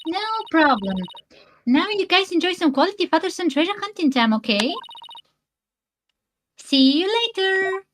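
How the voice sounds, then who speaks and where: A woman's voice: extremely high pitch, animated, normal speed, pauses often, fairly bright tone, a little hiss or hum, voice pushed up. A woman voicing a cheerful teenage girl in a fan voice-over of a game, chirpy and upbeat. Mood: bubbly.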